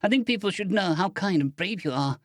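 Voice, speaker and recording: A man voicing a drowsy, injured young girl on painkillers who speaks slowly and dreamily. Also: high voice, expressive, no echo, studio quality, pitched above the performer's own voice. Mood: earnest. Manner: slow, dreamy, humming speech. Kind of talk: audiobook character voice.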